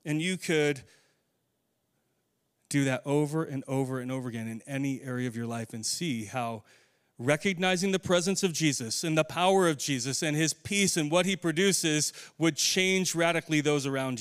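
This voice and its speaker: A man preaching a sermon in a church, earnest, slowing and softening into prayer. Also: on the high side, clean tone. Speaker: pastor.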